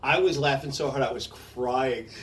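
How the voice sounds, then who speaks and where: A man's voice: mid-range voice, moderate pace. Casual male comic, swears a lot, laughs through his stories, slightly distant mic with light hiss. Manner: profane, laughing, animated storyteller. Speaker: comedian. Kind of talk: casual chat. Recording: distant mic with faint noise.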